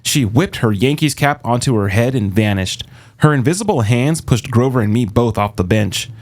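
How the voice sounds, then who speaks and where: A man narrating an audiobook in the first person with a steady, measured delivery. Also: medium pitch. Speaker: audiobook reader.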